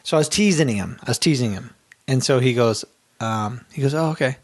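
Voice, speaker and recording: Man, podcast co-host, casual chat, animated, frequent restarts, acted-out quotes. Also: medium pitch, brisk.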